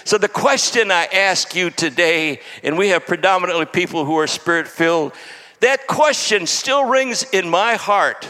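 Visiting preacher, high bright male voice, fervent, shouting praise, long church reverb. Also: lively intonation, moderate pace. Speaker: visiting pastor. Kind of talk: sermon and fervent prayer. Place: church sanctuary.

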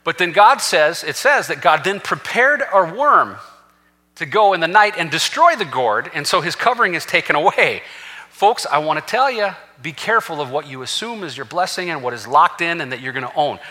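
A man's voice: fairly high pitch, sing-song, moderate pace, sharp tone. A man preaching a sermon as senior pastor, telling a scripture story with acted-out quotes and rising to fervent peaks. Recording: long reverb of a large hall.

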